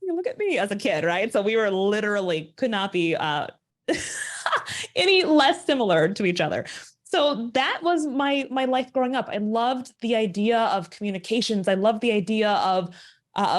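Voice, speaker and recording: A woman in her forties from Minnesota, telling her story as a podcast guest with lively rhetorical questions. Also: mid-range voice. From Minnesota, USA. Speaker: podcast guest, agency founder. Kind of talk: casual interview storytelling.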